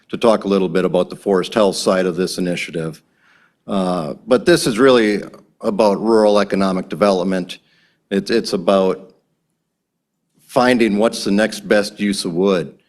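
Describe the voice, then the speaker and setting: Deep-voiced man giving earnest halting remarks. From Wisconsin. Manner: halting, repeats words, earnest. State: a little emotional. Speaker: timber company president. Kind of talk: public remarks at a county board meeting.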